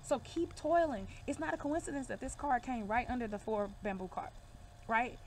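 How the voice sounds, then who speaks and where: A woman's voice: on the high side, normal speed, darkish tone, slight background noise. A woman giving a casual card reading to camera, emphatic and reassuring, calling her viewers y'all and baby. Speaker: divination reader.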